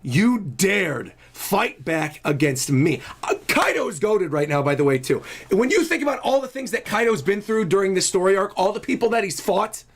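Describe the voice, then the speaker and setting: Excitable man streaming a manga reaction. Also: high voice, a little fast, few pauses. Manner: excitable, often laughs and shouts.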